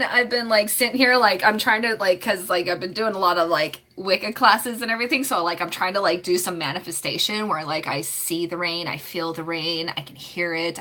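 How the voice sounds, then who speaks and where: A woman's voice: fairly low pitch, bright, forceful tone. Giggly rambling woman in her late twenties. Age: late 20s. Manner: rambling and giggly, full of fillers. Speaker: live stream host. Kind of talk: casual live chat.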